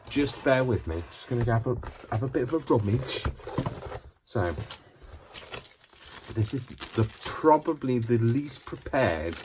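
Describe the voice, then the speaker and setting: A man's voice: lowish voice, noisy background. A middle-aged man hosting a craft tutorial at home, rambling and joking about himself as he works. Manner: rambling, self-deprecating, jokey. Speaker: craft channel host. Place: home craft space, seated.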